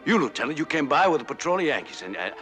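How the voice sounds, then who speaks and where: An actor playing a wounded, grateful Confederate soldier in a television drama, speaking haltingly and with strong feeling. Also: male voice, a little high, very animated, fairly bright tone, faint music behind. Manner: halting and stammering, full of feeling.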